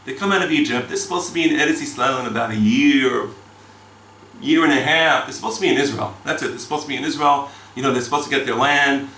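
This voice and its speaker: A man teaching a Torah class, swinging between loud exclamations and hushed asides and weaving Hebrew terms into his English. His voice is bright and sits at a middling pitch. It sounds set back from the mic in an echoing room with a faint hiss. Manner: dramatic, rhetorical questions, sweeping pitch for emphasis; sprinkles Hebrew terms and reads Talmud aloud. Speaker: rabbi teaching the weekly Torah portion. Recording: echoey room, mic at a distance.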